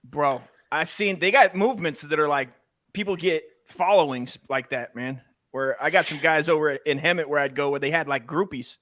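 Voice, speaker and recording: Man, podcast co-host, high bright voice, slangy, laughs a lot, dry close sound. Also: normal speed, no echo. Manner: laid-back, slangy, laughs often. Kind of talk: casual chat.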